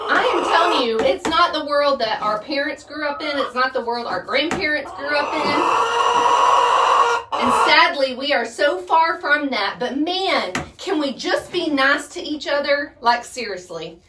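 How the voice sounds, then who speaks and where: Chatty woman, high voice. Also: a little slow, heavy background noise. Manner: chatty, laughing, animated. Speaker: vlogger, homesteader. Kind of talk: casual chat to camera. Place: outdoors by a chicken coop. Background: chickens and a rooster.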